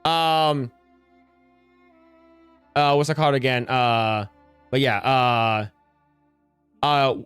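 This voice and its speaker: A man's voice: mid-range voice, fairly even intonation, extremely slow, long pauses, a bit bright, clear, resonant tone, faint music behind. A young man chatting casually on a livestream, rambling and swearing a lot as he greets viewers by name.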